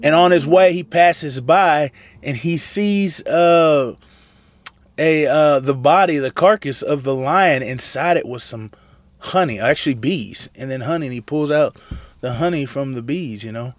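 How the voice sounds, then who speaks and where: A man casually retelling a Bible story in slangy, animated talk, acting out the characters' lines. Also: a little high, measured pace, dry recording. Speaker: Bible study teacher.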